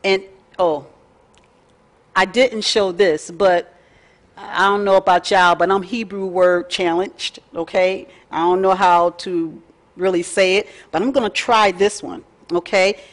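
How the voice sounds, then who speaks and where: A woman, teaching a faith lesson in a folksy, chatty way with lively asides. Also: fairly low pitch, unhurried. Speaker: Bible study teacher. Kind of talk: casual teaching talk.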